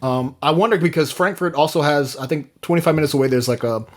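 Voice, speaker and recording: A man's voice: a little high, fast talker. A man co-hosting a podcast, loose and profane, often restarting as he talks sports. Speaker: podcast co-host. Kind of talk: casual sports chat.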